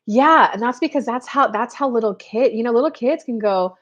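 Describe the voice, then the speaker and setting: A woman's voice: a little high, a little fast, a bit bright. A woman, a spiritual coach hosting a casual live show and chatting straight to her viewers with many fillers. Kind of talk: casual live-stream chat.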